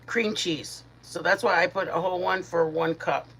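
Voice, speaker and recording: There's slight background noise as a middle-aged Michigan woman hosts a relaxed live stream at a moderate pace. Chatty and warm, she greets her chat by name and speaks to her dogs in a sweet, high baby voice.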